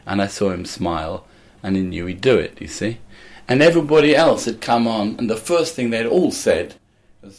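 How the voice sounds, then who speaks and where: An older comedian, a guest in a casual conversation, tells stories in a dry, anecdotal way and acts out quoted lines. His voice sits on the low side, expressive, at a moderate pace.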